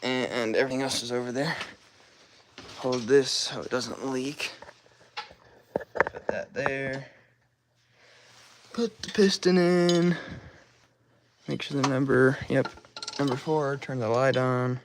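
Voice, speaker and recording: In a low-quality recording with a little hiss or hum, a man speaks with a steady tone, slowly and with long pauses, at medium pitch. He's a car mechanic vlogger working on an engine in his garage, explaining each step in a rambling, self-deprecating way and talking to himself, while a phone propped nearby records him.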